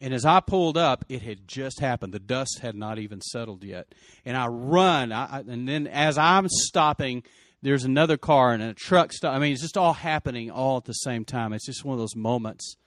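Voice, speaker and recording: A man's voice: mid-range voice, dry recording. Middle-aged man, earnest personal storyteller, swings from urgent bursts to near-whispers, close and dry sound. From West Texas. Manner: earnest, emotional, quick surges and hushed drops.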